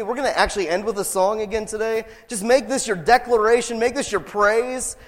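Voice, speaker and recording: A man with a high voice preaches a sermon in a church sanctuary. His words ring out with a long hall reverb. He builds to loud declarations, then sinks to a soft, intimate tone as he leads a prayer. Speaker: pastor.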